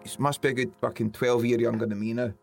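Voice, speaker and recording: A man's voice: medium pitch, level tone, fast, gravelly, over music. A man with a Scottish accent, co-hosting a podcast in a casual, sweary chat, telling stories with frequent laughs. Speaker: podcast co-host.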